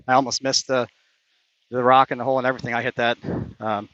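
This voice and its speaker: A man's voice: mid-range voice, level tone, fast, fairly bright tone, no room sound, highs cut off. Frustrated man calling his own round. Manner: competitive, frustrated, swearing after bad shots. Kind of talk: casual play-by-play while playing. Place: outdoor mini golf course.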